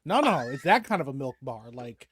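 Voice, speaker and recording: A man's voice: mid-range voice, very animated, brisk, fairly bright tone. A man chatting casually as a guest, laid-back and slangy, telling anecdotes. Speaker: podcast guest. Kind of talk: casual chat.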